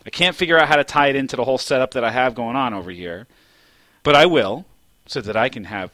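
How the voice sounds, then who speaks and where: A man's voice: medium pitch, fast talker, no room sound. A man hosting a casual podcast chat, joking around and laughing often. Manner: jokey, laughs often, animated. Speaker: podcast host.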